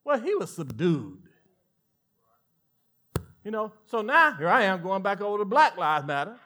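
A male pastor with a Southern American accent preaching a sermon, animated, swinging from loud emphatic lines to hushed asides. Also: high voice, unhurried.

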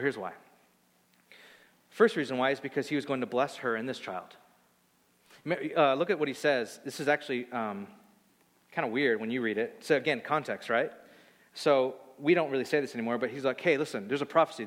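A man preaching a sermon in an animated, conversational way, often repeating words as he gets excited. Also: mid-range voice, a little fast, big-room sound. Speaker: pastor.

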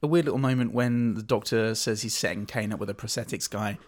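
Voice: medium pitch, steady tone, fast, darkish tone. A podcast co-host in casual film chat, rambling and correcting themself. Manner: rambling, self-correcting, laughs often.

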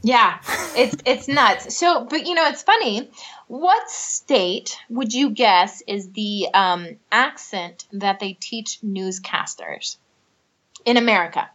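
A woman's voice: fairly high pitch, takes it slowly, a bit bright. Chatty woman with an Ohio accent. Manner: chatty, says like often, swears casually. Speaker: podcast host. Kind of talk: casual chat.

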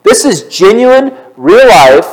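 Animated higher-voiced male preacher. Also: slow, poor audio. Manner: animated, conversational preaching with rhetorical questions. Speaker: pastor. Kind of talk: sermon. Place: church.

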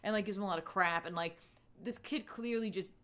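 A woman's voice: medium pitch, brisk, a bit bright. Brief: woman podcast co-host, mid-range voice, chatty and rambling, heavy on fillers. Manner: rambling, full of "like" and "um". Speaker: podcast co-host reviewing comics. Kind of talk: casual chat.

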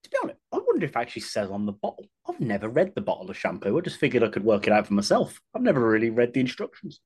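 A man's voice: mid-range voice, huge pitch swings, very fast, husky. A man, co-hosting a podcast in casual, chatty talk with laughter and swearing. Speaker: podcast co-host. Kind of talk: casual chat.

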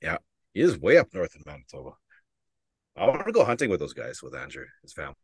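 A man's voice: extremely low pitch, wildly swooping pitch, quick pace, husky, dry recording. A man co-hosting a casual podcast who laughs often and reads names off his phone. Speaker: podcast co-host.

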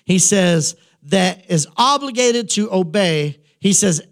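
A high-voiced male pastor delivers a sermon. He keeps it conversational, repeating lines for emphasis and talking straight to the room. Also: lively intonation, takes it slowly, hardly any pauses. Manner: conversational preaching with emphatic repetition.

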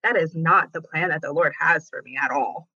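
A woman guest telling her story in a casual conversation, animated and dramatic. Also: low-pitched, moderate pace, husky, dry recording, dull audio. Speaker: podcast guest.

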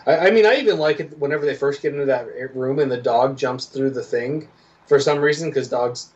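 A man's voice: medium pitch, brisk, a little mellow. Laid-back male co-host, slightly dull sound. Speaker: podcast co-host. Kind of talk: casual movie review chat.

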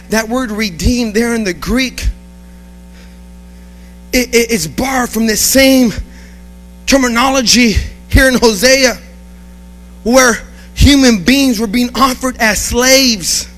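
Revival preacher, man, very high bright voice, slow measured delivery, swells to shouts, music softly behind. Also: rough recording. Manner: builds from quiet to shouting, chanting and whooping; repeats phrases for emphasis. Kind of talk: revival sermon, call and response. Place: church service.

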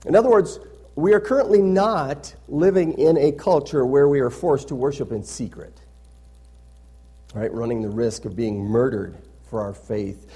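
A man's voice: medium pitch, moderate pace, mellow, husky. A man preaching a sermon as pastor, reading scripture aloud with rising emphasis and adding conversational asides that end in "right?".

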